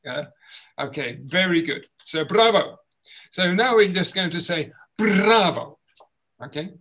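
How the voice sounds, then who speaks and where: A man leading a group voice exercise session over a video call, encouraging and demonstrating sounds with loud bursts. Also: on the high side, expressive, moderate pace, poor audio. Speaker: voice and movement workshop leader.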